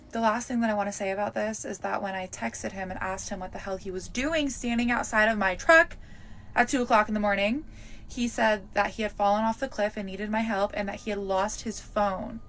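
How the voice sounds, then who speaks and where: A woman's voice: mid-range voice, slight background noise. A young woman telling her own camping story in a casual vlog, talking animatedly with lots of fillers and restarts. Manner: breathless, animated retelling with many fillers.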